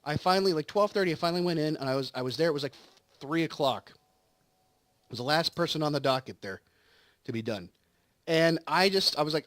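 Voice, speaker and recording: With a slightly bright, higher voice, a let's play host talks briskly and pauses often, recorded without echo. He's recovering from surgery and rambles through a long story in casual chat over his gameplay, acting out the quotes.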